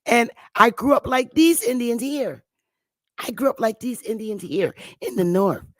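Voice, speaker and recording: A woman's voice: on the high side, animated, measured pace, no room sound. A woman in her fifties with a Connecticut accent, hosting a talk show and lecturing viewers in an emphatic, repetitive way. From Connecticut, USA. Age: 50s. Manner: emphatic and repetitive, drawing words out. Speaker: show host.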